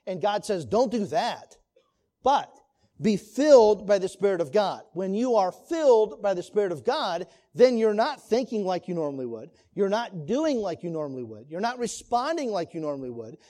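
A man delivers a sermon-style lesson to a church class, earnest and questioning. His voice sits high for a man yet sounds mellow and warm rather than bright. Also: sing-song, normal speed. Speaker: Sunday school teacher.

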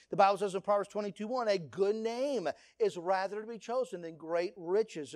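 The pastor here has a high male voice and addresses his congregation earnestly and directly, preaching through lively storytelling. The recording is studio quality, free of room sound.

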